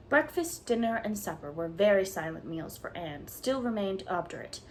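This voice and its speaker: A woman reading a classic storybook aloud, expressive and measured, at a middle pitch. Faint background noise sits under her voice. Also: poor audio. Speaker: audiobook reader. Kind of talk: storybook narration.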